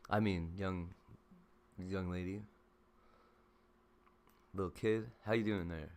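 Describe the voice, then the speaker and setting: A man's voice: low-pitched, fairly even intonation, slow pace, a little mellow. A man chatting casually on a livestream, swearing freely and rambling between asides.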